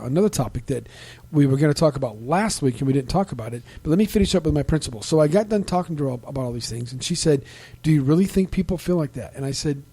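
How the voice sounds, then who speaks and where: A middle-aged man hosting a casual podcast, talking in a halting, rambling way with many restarts and fillers, livening up when he quotes other people. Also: a little high, mellow, dry recording. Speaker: podcast host. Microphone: desk microphone.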